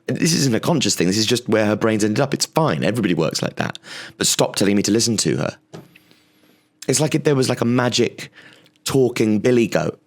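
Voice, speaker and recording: A man with a low, gravelly voice rants as a comedian host, sarcastic and exasperated. He keeps tripping over his own restarts, and his pitch jumps when he mocks others. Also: animated, brisk. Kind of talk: comic rant monologue.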